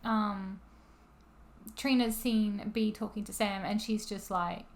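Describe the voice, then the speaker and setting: Gravelly-voiced Australian woman co-host. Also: medium pitch, steady tone, slow. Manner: playful, swears, quotes characters. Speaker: podcast co-host. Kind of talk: casual chat recapping a film.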